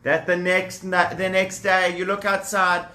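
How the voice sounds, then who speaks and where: A man tells a story to children in a lively, animated way, speaking directly to the kids and showing them toy props. His voice is high-pitched and unhurried, and the room is echoey.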